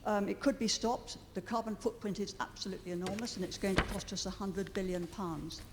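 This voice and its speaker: A woman's voice: mid-range voice, fairly even intonation, fairly quick, big-room sound, noisy background. A middle-aged woman campaigner addressing a committee, earnest and hesitant with frequent ums. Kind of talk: public statement. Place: large meeting chamber.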